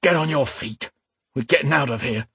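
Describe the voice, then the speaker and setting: A man's voice: lively intonation, a little slow, husky, no room sound, full character voice. A man doing a snarling street thug. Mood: bitter, growling. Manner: spitting, growling, higher and harsher than the narrator. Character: rough, bitter male street thug. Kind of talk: audiobook character voice.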